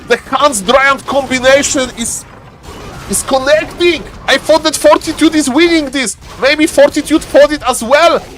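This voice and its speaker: A man streaming live commentary on a strategy game, lively and playful, teasing his chat. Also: measured pace, soft background music. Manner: lively, playful, keeps saying "ladies and gentlemen"; shifts into a deeper joking voice for a subscriber.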